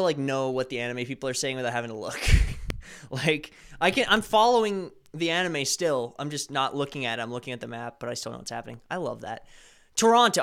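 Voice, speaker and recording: A man's voice: a little high, bright, forceful tone, smooth. A man from Colorado with a slight Colorado accent, hosting a live stream and chatting casually with viewers in a rambling, self-correcting way. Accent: slight Colorado American. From Colorado, USA. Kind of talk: casual chat answering viewer chat.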